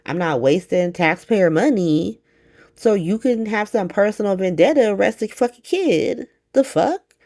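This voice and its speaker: A woman's voice: mid-range voice, animated, unhurried, darkish tone. A fed-up, indignant police officer, as a woman puts him on in a recap vlog. He sounds exasperated and swears as he refuses to go along. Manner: exasperated, profane.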